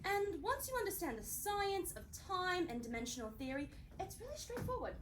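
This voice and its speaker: Brief: actress as prim, gushing lady inventor, high and lively voice, far-off stage mic in a roomy hall. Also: normal speed. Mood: explaining. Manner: theatrical, breezy, prim and gushing. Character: genteel female inventor and time traveler, adult, excitable. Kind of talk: live stage acting. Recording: roomy theatre heard from far off, noisy.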